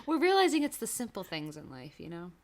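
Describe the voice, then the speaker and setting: A young woman co-hosting a podcast recaps a TV episode in casual chat. Her voice is medium-pitched, sing-song, and brisk, and she's giggly and rambling, using lots of fillers.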